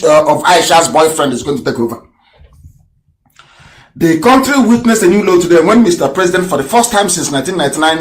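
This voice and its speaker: Guy ranting on radio, high voice, loud then muttering low, echoey room. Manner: fiery, rhetorical, swings between shouting and low muttering. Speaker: radio broadcaster. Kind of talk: impassioned political broadcast. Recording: roomy echo.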